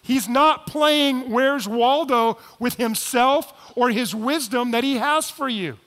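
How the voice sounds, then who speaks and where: A man preaching a sermon as pastor, moving between quiet, low asides and loud, emphatic appeals. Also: slow pace. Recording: long hall reverb.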